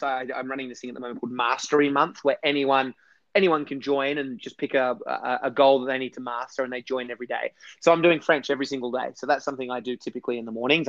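A man's voice: mid-range voice, fairly bright tone, no room sound, muffled recording. A man talking enthusiastically as a guest in a casual interview, rambling a little with restarts. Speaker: podcast guest.

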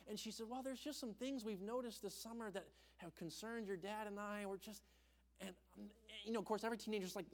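A young man preaching a sermon as pastor, telling a personal story and acting out quoted voices, dropping soft and low for tender points. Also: fairly quick. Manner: storytelling, acts out quoted voices with big pitch jumps.

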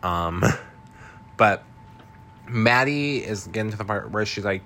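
A man's voice: lowish voice, expressive, takes it slowly, pauses often, pushed and bright, a little hiss or hum. A man hosting a podcast, recapping a film in chatty, slangy casual talk with lots of filler words. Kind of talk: casual chat.

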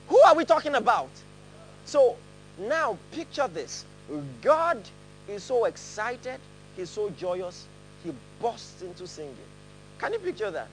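A man's voice: very high voice, big pitch swings, measured pace, fairly bright tone, faint music behind, rough recording. A man preaching a sermon, laughing often and leading his congregation in reading aloud together. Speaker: pastor. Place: church hall with a congregation.

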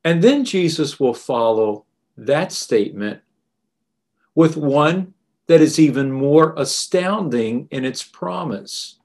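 A man preaching a sermon in a deliberate, emphatic way. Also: a little high, lively intonation, a little mellow.

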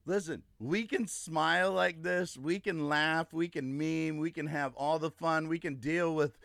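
A man hosts a casual livestream rant, emphatic and gloating, hammering his lines again and again. His voice sits a bit high and bright with a gravelly fry. The sound is dry and close. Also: steady tone, measured pace, no echo. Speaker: livestream host.

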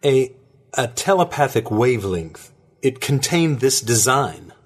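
A man with a husky voice voicing a calm, formal male scientist who speaks politely and precisely, with small hesitations, in a storybook reading. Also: medium pitch, measured pace, voice pushed up. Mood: measured.

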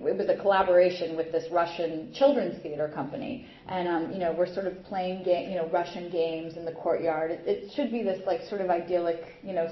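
A young adult woman giving a personal recovery talk at a meeting, rambling with many fillers and restarts. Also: on the low side. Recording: muffled echoey room recording.

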